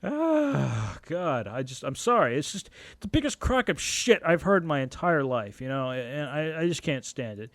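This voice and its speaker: A young man ranting on his own podcast, his slightly high voice recorded close and dry. He swears constantly and gets worked up, with bursts of laughter. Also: moderate pace, few pauses, dry recording. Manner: angry, profane ranting; animated rant with laughs and frequent swearing. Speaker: podcast host. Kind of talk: solo podcast rant.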